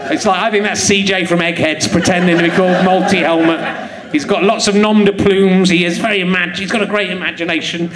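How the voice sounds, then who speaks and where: A man's voice: high-pitched, steady tone, fairly quick, few pauses, music in the background. A man hosting a live comedy podcast on a theatre stage, joking and teasing the audience and laughing often. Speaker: comedian host. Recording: echoey theatre with crowd laughter.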